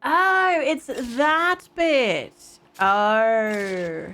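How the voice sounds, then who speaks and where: A woman's voice: on the high side, drawn-out words, fairly bright tone, faint music behind. A woman streaming a video game, chatting casually with her viewers, giggling, and reading in-game books aloud. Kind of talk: casual gameplay commentary.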